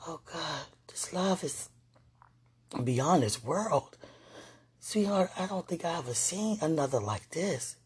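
Soft-spoken woman with a dark, smooth voice. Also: low voice, expressive, takes it slowly. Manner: rambling and affectionate, with frequent religious talk; soft-spoken, drifting into near-whispers. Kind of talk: casual emotional monologue to a viewer.

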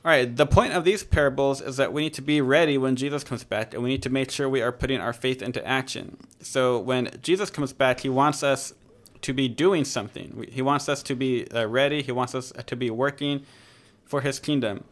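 Man, podcast host, middle pitch, casual Bible discussion, joking, self-correcting. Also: brisk.

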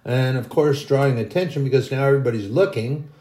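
Male preacher, folksy and rambling storyteller, mid pitch, recorded with room echo. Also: quick pace, mellow. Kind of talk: storytelling sermon.

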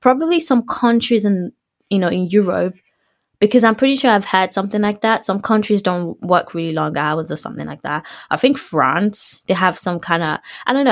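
A woman's voice: medium pitch, fairly quick. Young British woman, solo podcast host, chatty and giggly, rambles with asides. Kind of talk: casual solo podcast chat.

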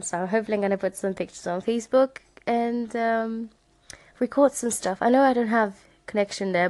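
A woman from Romania hosts her own podcast in a slow, easygoing way, laughing as she thanks callers. Her voice sits close to the mic with a dry sound and no room around it. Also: mid-range voice, a little mellow, no room sound. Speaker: podcast host. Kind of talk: casual podcast chat.

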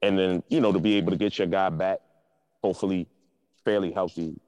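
A man's voice: low-pitched, steady tone, a little fast, a little mellow, no room sound, big-room sound. A man co-hosting a casual sports podcast, talking emphatically and repeating himself to drive points home.

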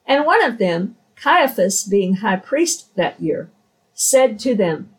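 Woman scripture reader; slow and measured, recorded off-mic. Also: medium pitch, very animated, recorded from a distance, rough recording. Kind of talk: scripture reading.

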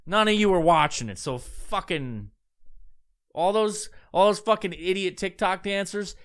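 Profane ranting man, high smooth voice. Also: normal speed, a bit bright. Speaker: podcast host. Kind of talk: comedic rant.

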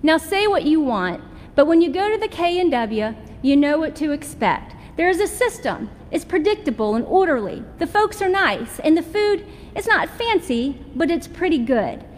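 A woman's voice: sits high, big pitch swings, moderate pace, long reverb tail, a little hiss or hum. A middle-aged woman pastor with a Southern American accent, preaching a sermon in a folksy, humorous storytelling way. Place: church sanctuary.

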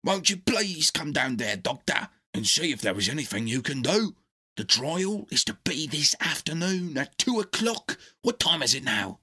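Loyal storybook dog, urgent, pleading, lively raised voice, husky, man reading it. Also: a little high, normal speed, voice pushed up, exaggerated voice. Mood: earnest.

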